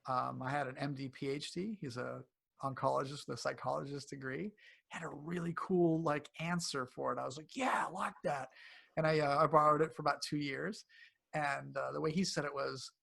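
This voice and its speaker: A man being interviewed as a health coach, speaking casually and acting out quotes in animated voices. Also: on the high side, fairly quick, creaky, slightly rough. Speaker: cancer coach guest.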